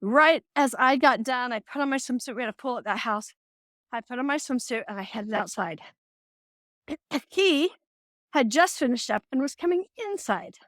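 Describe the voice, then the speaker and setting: A middle-aged woman hosting a podcast, telling a personal story in a chatty, animated way with quoted dialogue. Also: high voice, normal speed, dry recording, studio quality. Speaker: podcast host. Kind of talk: casual advice monologue.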